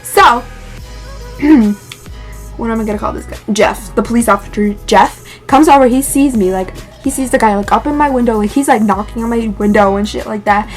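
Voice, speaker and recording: A young woman vlogger casually telling a dramatic story, animated and filled with "like" and swearing. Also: normal speed, soft background music. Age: young adult. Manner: animated, lots of "like", swears, rises in pitch when excited.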